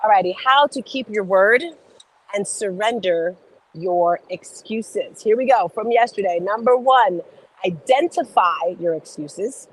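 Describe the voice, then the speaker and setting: A middle-aged woman hosts a morning motivational talk outdoors. Her voice sits at a middle pitch, and she talks straight to her viewers. She is energetic and emphatic throughout. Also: unhurried, slight background noise, low-quality recording. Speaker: motivational host.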